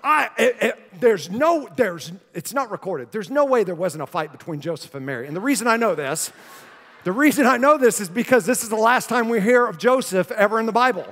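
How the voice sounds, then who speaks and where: High-voiced man preaching in an echoey church. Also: fairly quick. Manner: animated storytelling, jokey asides, then earnest and soft. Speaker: pastor. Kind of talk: sermon. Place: church hall. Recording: reverberant church sanctuary.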